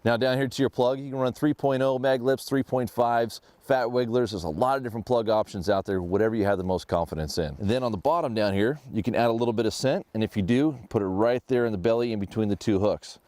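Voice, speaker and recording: A man hosting a fishing show, giving a steady, explanatory walkthrough of his fishing gear. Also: medium pitch, quick pace, few pauses, no room sound.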